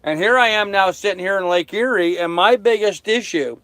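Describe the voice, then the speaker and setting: Older guy rambling to his live chat from his sailboat, smooth resonant voice, dead dry sound. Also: sits high, normal speed, fairly bright tone, dry recording. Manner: easygoing, chatty, joking, laughs at his own jokes. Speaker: sailing vlogger on a live stream. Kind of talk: casual live-stream chat, reading viewer comments. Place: small sailboat cabin on a lake.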